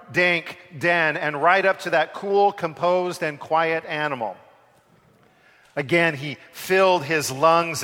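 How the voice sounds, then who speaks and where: A man telling a parable in a slow, deliberate, dramatic way, recorded in a reverberant hall. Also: fairly high pitch, fairly bright tone. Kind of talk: told parable, storytelling.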